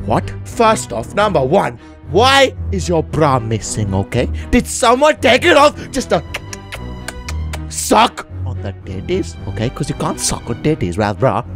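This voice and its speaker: A man's voice: huge pitch swings, measured pace, creaky, fairly bright tone. Brief: male let's-play commentator, crude and rowdy, voice leaping all over the place, faint game music behind. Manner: crude, rowdy, swings wildly in pitch. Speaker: gaming commentator.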